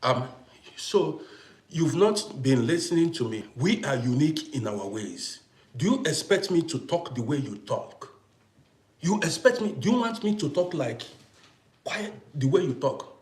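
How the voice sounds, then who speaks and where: A young man talking forcefully to viewers in a casual livestream and thanking them for gifts. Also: on the high side, sing-song, measured pace, echoey room. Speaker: live stream host.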